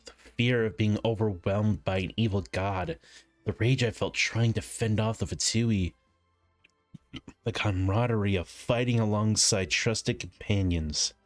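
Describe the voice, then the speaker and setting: A man's voice: fairly low pitch, a little slow, dry recording, faint music behind, close to an everyday voice. A man voicing an earnest young male adventurer in a video game, speaking plainly.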